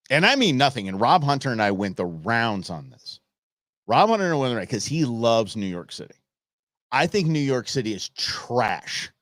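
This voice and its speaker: Medium-pitched with a fairly bright tone, a middle-aged Los Angeles-area man rants opinionatedly on his live show and talks back to his chat. The recording is dry and studio quality.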